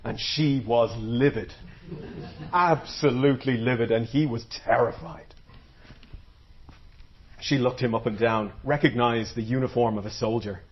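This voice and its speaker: A man's voice: medium pitch, normal speed, lo-fi sound. A man telling a folktale live to an audience, dramatic and playful, drawing the crowd in. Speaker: storyteller. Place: live storytelling event before an audience.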